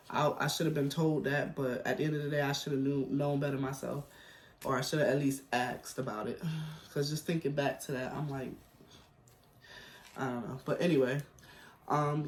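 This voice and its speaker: A middle-aged man telling a personal story in a rambling, chatty way at home, heavy on slang and fillers. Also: a little high. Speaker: vlogger. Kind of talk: casual storytelling chat. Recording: roomy echo.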